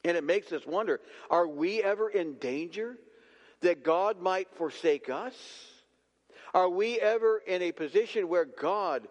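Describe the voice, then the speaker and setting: Man, pastor preaching, slow dramatic pacing, high voice, reverberant church. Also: lively intonation. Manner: dramatic, slowing for emphasis. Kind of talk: sermon. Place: church sanctuary.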